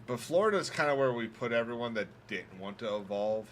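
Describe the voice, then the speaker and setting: A man's voice: mid-range voice, lively intonation, fairly quick, a little hiss or hum. A man chatting casually and joking with his chat while livestreaming a trucking game.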